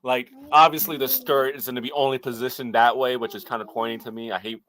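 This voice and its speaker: A man co-hosting a casual pop-culture podcast, eager and slangy, pausing on fillers as he searches for words. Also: medium pitch, steady tone, fairly bright tone. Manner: enthusiastic, slangy, hesitant fillers. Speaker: podcast co-host.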